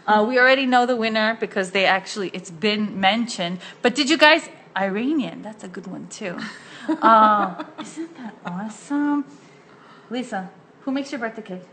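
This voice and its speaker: A young woman hosting a casual live-stream chat, gushing and excitable, laughing often. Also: medium pitch, normal speed, a little hiss or hum. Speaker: host.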